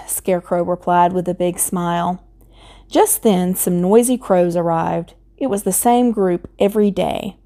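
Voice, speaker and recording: A woman reading a children's picture book aloud in a gentle, measured way. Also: on the low side. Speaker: storybook reader.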